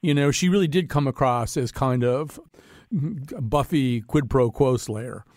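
A man's voice: mid-range voice, a little slow, darkish tone, dry recording, studio quality. Reflective man hosting a podcast. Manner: conversational, reflective. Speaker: podcast host. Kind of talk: casual chat.

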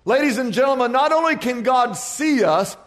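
A man's voice: extremely high pitch, lively intonation, normal speed, long reverb tail. A male pastor preaching a sermon, telling jokes and stories and quizzing the congregation. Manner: jokey storytelling, quizzing the congregation.

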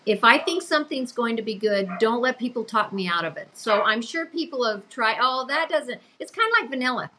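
A woman's voice: on the high side, lively intonation, a little fast, hardly any pauses, pushed and bright, slight background noise, rough recording. An older woman, a podcast guest, speaking earnestly about her small family company. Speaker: guest, business co-owner. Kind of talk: podcast interview.

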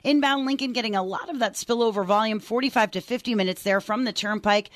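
A woman giving a brisk, matter-of-fact traffic and weather report on the radio. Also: fairly high pitch, dry recording, studio quality. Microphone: studio mic.

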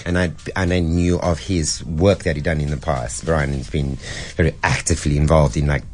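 SA male guest, low register, expressive storyteller who mimics others. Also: moderate pace. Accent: South African. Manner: expressive, slips into lively impressions of others. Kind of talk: animated interview talk.

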